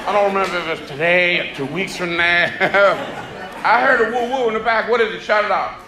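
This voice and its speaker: A stand-up comedian works the crowd in a high, bright voice, chatty and teasing. He speaks into a handheld mic on a club stage. The room echoes, and a crowd murmurs behind him. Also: brisk, background noise. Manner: teasing, chatty, talks to the audience. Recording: echoey live venue with crowd.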